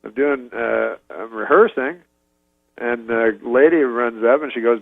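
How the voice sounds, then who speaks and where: Deadpan man rambling through an anecdote. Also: medium pitch, creaky, no room sound, phone-quality sound. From Canada. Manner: halting, deadpan, full of fillers and restarts. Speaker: talk show guest, comedian.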